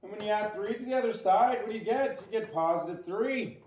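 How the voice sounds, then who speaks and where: The lo-fi, dull recording has an echo surrounding a man whose voice is high and light. He moves briskly through a math homework lesson, a little mellow in tone, quizzing the listener with playful humor.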